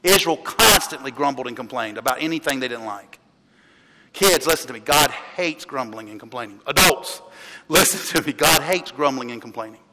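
A man's voice: mid-range voice, lively intonation, moderate pace. Man preaching in an echoing hall. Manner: conversational, storytelling, with restarts and laughs. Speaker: pastor. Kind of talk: sermon. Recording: long hall reverb, loud background noise.

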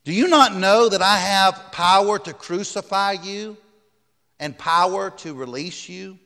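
A man reading scripture aloud and voicing an imperious Roman governor whose pitch jumps high in disbelief. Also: unhurried, pushed and bright, in a large hall, heavily acted. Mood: incredulous.

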